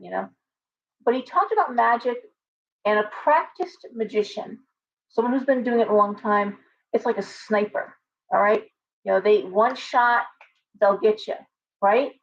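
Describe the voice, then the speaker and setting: A woman hosting a casual tarot livestream, talking animatedly with restarts and asides to her viewers. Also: medium pitch. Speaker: tarot reader and livestream host. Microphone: webcam with ring light. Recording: slightly dull lo-fi stream audio.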